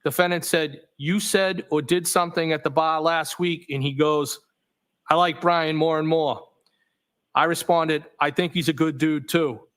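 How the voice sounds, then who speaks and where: A man testifying as a trial witness, reading text messages aloud in a steady, matter-of-fact way, saying the punctuation out loud. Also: fairly high pitch, a little slow. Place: courtroom.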